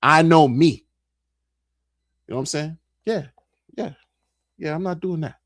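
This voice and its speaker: Animated man telling a story, dry mic. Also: on the high side, a little slow, dry recording. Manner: animated, repeats phrases, acts out quotes. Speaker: streamer. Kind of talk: casual storytelling monologue.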